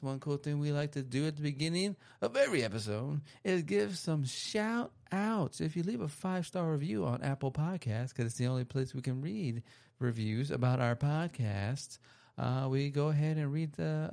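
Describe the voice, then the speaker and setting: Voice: medium pitch, animated, moderate pace, gravelly, darkish tone. A podcast host in casual chat, reading listener reviews aloud in a playful, rambling way and laughing easily.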